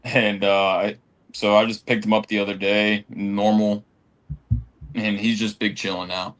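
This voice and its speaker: A man guest on a casual podcast, talking in relaxed slang and calling people "dude". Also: on the low side, normal speed. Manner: laid-back slang, says "dude". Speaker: podcast guest, snake keeper. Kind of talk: casual chat.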